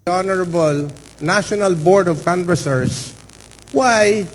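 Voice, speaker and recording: A man giving a formal statement as a party representative at an election canvass hearing, deliberate and stressing key words. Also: high-pitched, big-room sound, poor audio.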